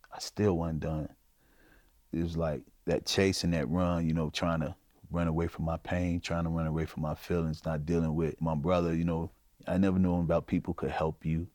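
Man, from chicago, middle-aged, very deep voice, dry close sound, halting informal testimony. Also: a little mellow, no room sound. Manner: halting, informal, many "you know" and "man" fillers. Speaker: interviewee. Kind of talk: personal testimony.

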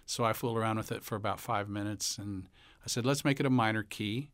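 A man's voice: fairly low pitch, quick pace, dry recording. A man, a songwriter and musician, talking casually in an interview about how he wrote a song, now and then singing a line to show what he means. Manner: relaxed storyteller, breaks into song to illustrate. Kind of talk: casual interview talk with sung snippets.

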